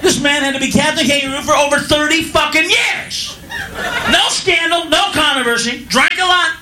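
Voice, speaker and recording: Male stand-up, profane and shouty, roomy live recording with heavy noise. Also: extremely high pitch, normal speed. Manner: profane, shouting rants with mock voices. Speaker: stand-up comedian. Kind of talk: stand-up routine. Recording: roomy club with loud crowd and noise. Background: audience laughter.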